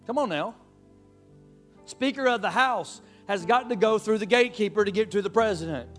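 A man delivers a sermon with emphatic, animated energy, often calling out to his congregation. Faint music plays underneath his preaching. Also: high-pitched, normal speed. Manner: emphatic, call-and-response, animated.

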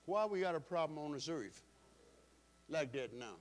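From the pulpit, a man with a fairly high voice delivers an emphatic pastor's sermon, hammering each point home and repeating his key lines. He sounds animated and speaks at a normal pace.

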